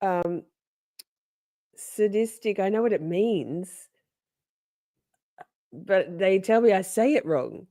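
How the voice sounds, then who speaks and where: This streamer woman swoops all over the place, pitch bouncing up and down, teasing and playing hurt with her chat, then laughing it off. her voice sits mid-high and the recording is dry and close, with no room sound. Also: lively intonation, takes it slowly, long pauses, warm tone, no echo. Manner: playful, mock-offended, laughs often. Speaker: livestream host commenting on a trial. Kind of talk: casual chat to a live chat.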